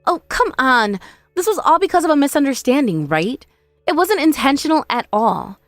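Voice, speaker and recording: A woman plays a desperate young sister-in-law in a voiced text-message drama. She begs and makes excuses in a slightly high, pleading voice. The sound is dry, with faint music underneath. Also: big pitch swings, normal speed, dry recording. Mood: protesting. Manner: pleading, whiny, self-pitying. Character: desperate, remorseful sister-in-law begging forgiveness.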